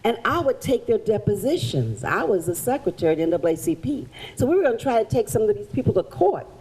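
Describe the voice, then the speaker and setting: A woman performing as a historical figure, telling her story in the first person to children at a library in a theatrical, animated way. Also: medium pitch, fast, husky, low-quality recording. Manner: animated, theatrical, directs audience volunteers. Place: public library event room.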